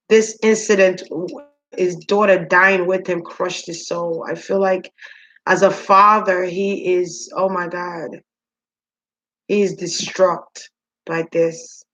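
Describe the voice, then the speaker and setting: A woman giving a spiritual reading to her viewers, musing aloud with many pauses, ums and repeated words. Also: fairly low pitch, a bit bright. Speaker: spiritual reader. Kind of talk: psychic reading monologue.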